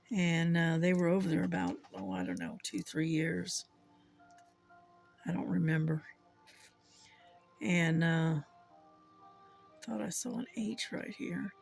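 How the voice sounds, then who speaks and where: Slow, gravelly older Southern voice. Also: mid-range voice. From Southern United States. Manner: rambling, unhurried storytelling with frequent chuckles. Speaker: channel host.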